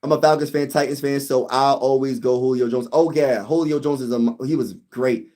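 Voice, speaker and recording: A young man hosting a casual sports livestream, reading comments aloud and chatting excitedly with viewers. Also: mid-range voice, moderate pace. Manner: excitable, talks to viewers as "y'all", sings snippets.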